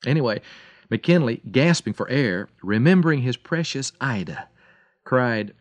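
A man giving a radio devotional, telling a story dramatically and slowing and softening his voice for emphasis. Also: medium pitch, expressive, no room sound, lo-fi sound. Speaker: radio preacher.

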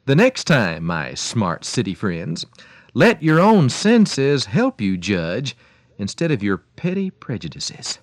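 A man voicing a shrewd, boastful farmer who scolds a crowd slowly and emphatically. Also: mid-range voice, wildly swooping pitch, dry recording. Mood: scolding.

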